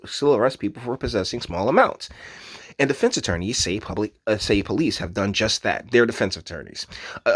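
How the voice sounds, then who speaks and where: Rambling, sarcastic man ranting over news. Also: mid-range voice. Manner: rambling, profane, sarcastic, laughs often. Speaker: channel host. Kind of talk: casual news commentary rant.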